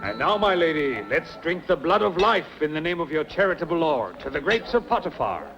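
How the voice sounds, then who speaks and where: An actor playing a haughty, worldly Egyptian pharaoh who speaks in a grand, mocking, commanding way. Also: male voice, a little high, very animated, brisk, muffled recording, music in the background.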